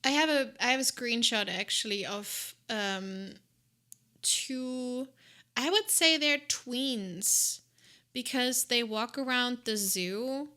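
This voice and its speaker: A woman's voice: fairly high pitch, takes it slowly, sharp tone. A woman co-hosting a podcast, chatting casually and rambling through a long game recap. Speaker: podcast co-host. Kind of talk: casual chat about a video game.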